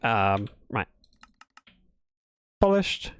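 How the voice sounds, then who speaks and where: A man's voice: lowish voice, sing-song, extremely slow, a bit bright, smooth, dry recording. A man chatting casually while livestreaming a building game, playfully telling dad jokes to his chat.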